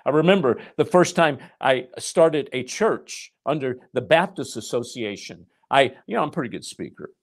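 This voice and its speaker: A man's voice: mid-range voice, expressive, normal speed, hardly any pauses. A middle-aged man preaching a sermon, telling a personal story and acting out his dialogue with God, addressing listeners as folks. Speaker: pastor.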